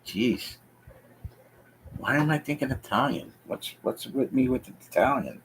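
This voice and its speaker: A man's voice: mid-range voice, sing-song, unhurried, creaky, a little hiss or hum, low-quality recording. A man chatting casually on a live stream, rambling and hesitant, thinking aloud with many fillers as he talks to viewers. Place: home basement.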